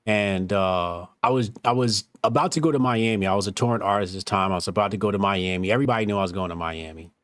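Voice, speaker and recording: Talking fast with few pauses, a man with a fairly low voice hosts a podcast-style talk show, recorded at studio quality with no echo. His casual storytelling is profane and animated, full of acted-out quotes.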